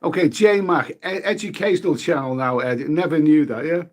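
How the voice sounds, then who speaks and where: A man with a slightly high voice talks at normal speed during a casual live stream. Eating as he goes, he reads viewer comments and names aloud and swears mildly in a chatty way.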